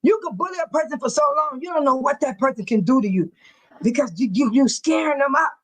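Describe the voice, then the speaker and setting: High-voiced woman laughing through a chat. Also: lively intonation, quick pace, low-quality recording. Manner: laughing hard through her words, breathless. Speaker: live audio room host. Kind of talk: casual live chat reading comments.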